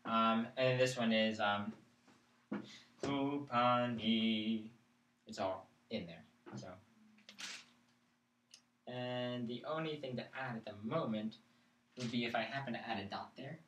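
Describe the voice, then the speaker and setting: A man leads a chant class in a middle-pitched voice, explaining each point patiently and stopping to ask whether everyone follows. He stands well back from the microphone, and the room gives his voice a clear echo. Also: measured pace, long pauses, fairly bright tone, highs cut off, a little hiss or hum. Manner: explains patiently, checks in with students. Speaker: chant teacher. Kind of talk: live classroom lesson. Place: classroom, live-streamed. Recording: echoey room, mic far off.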